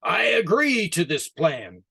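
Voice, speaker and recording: A blustering, proud lion king with a quick temper, put on by a man telling a folk tale. He booms his demands in a raised voice, higher than a normal speaking voice, and sounds indignant. The sound is dry and close, as on a video call. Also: huge pitch swings, creaky, breathy edge, no echo, full character voice. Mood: commanding. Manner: loud, commanding, indignant. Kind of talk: storytelling over a video call.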